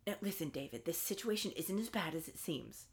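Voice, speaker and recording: A woman murmuring as a scheming mother figure, low and hushed, coaxing her son along. Her voice sits lower than her usual talk and stays quiet and confiding. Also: lively intonation, fairly quick.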